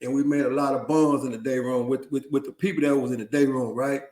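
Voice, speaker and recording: A man's voice: medium pitch, fairly even intonation, fast talker, darkish tone. A man hosting an interview, asking questions and ending his points with "right?". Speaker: host. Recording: roomy echo.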